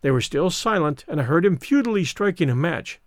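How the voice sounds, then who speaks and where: A man narrating an audiobook in a measured, expressive way. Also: on the high side, no room sound, studio quality.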